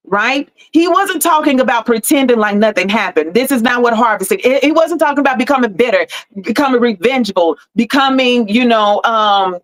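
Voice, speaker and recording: Higher-pitched woman giving a motivational talk. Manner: preachy, repeats key lines for emphasis; faith-forward encouragement. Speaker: host and life coach.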